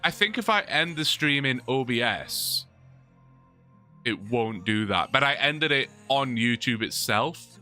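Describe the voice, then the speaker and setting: Bright-voiced man streaming. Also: medium pitch, lively intonation, measured pace, faint music behind. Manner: rambling, laughs often, reads chat aloud. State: sore mouth from long talking. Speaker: livestreamer. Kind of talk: casual livestream chat.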